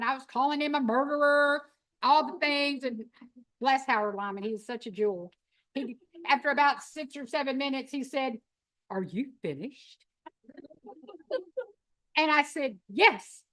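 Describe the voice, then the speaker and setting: A middle-aged woman, telling her story in an animated, folksy, emphatic way. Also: high voice. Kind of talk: storytelling talk.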